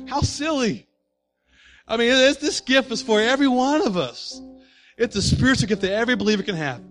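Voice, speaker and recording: A man preaching a sermon as pastor, telling stories with humor and shifting between loud, excited passages and quieter explanation. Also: very high-pitched, a little fast, faint music behind. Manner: storytelling preacher, animated and humorous.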